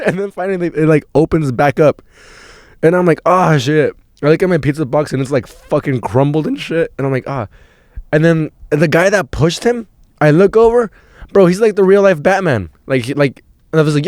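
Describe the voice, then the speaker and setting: A young man hosting a podcast and telling a story in a rambling, profane, excitable way, full of filler words. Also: on the high side, moderate pace, no room sound, clean studio sound. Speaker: podcast host.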